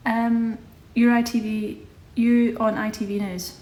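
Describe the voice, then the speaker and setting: A woman's voice: on the high side, level tone, slow, darkish tone. A young woman chatting casually on a live stream, reading out viewer questions and answering them. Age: young adult. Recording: echoey room with faint ambience.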